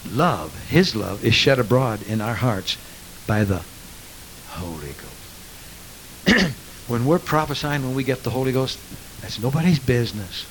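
A man preaching a sermon as pastor, swinging between hushed asides and loud, rapid build-ups. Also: mid-range voice, expressive, slight background noise, rough recording.

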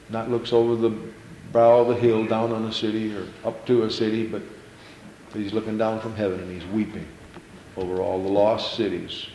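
A male pastor preaching an impassioned sermon in a church, repeating phrases and stumbling into quick restarts as he builds. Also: on the low side, dark tone, reverberant, slight background noise, rough recording.

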